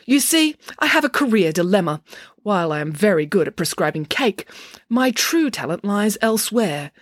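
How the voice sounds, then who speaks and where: A woman reading aloud, voicing a bossy, self-assured female pig nanny with a brisk manner. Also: medium pitch, very animated, dry recording, clean studio sound, pitched above the performer's own voice. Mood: lofty.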